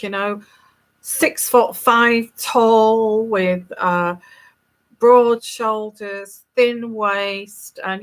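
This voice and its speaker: A woman's voice: mid-range voice, fairly bright tone. A woman with a neutral English accent, a tarot reader talking casually to viewers in a rambling, emphatic and scornful way.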